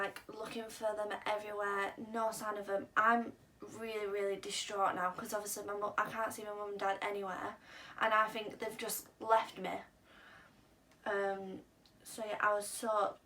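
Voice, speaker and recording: A woman's voice: mid-range voice, a bit bright. Chatty woman telling a story. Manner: chatty, rambling, lots of "um" and "like". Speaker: vlogger. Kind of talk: casual storytelling. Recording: slightly distant mic, faint background hiss.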